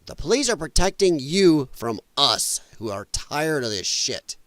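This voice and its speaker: A man's voice: on the high side, big pitch swings, unhurried, a bit bright, no echo. Guy doing blunt mocky news rants, voice bounces up and down a lot, dry close sound. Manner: blunt, sarcastic and mocking; rambling, trails off while scrolling. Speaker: podcast host. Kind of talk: opinionated news commentary.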